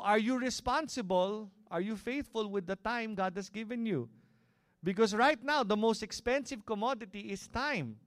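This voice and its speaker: A middle-aged man with a Filipino accent preaching a sermon, asking the congregation "Amen?" and moving between loud and hushed delivery. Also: sits high, clear, resonant tone, dry recording. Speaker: pastor. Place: cinema hall used as a church.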